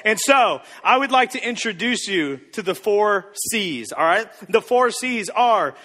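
A man's voice: high voice, expressive, unhurried, bright, forceful tone, full character voice. A man playing a cocky, smug advice guru who teases and drills the audience. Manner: mock-confident, teasing, drills the audience. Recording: reverberant hall.

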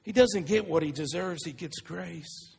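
A man preaching a sermon, retelling stories in an earnest, animated way. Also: fairly high pitch, unhurried, gravelly, breathy edge. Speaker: pastor. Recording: long reverb of a large hall.

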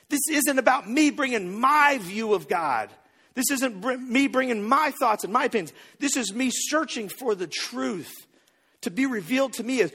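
Animated husky-voiced male preacher. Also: sits high, moderate pace. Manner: animated, repeats words when building a point. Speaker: pastor. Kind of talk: sermon.

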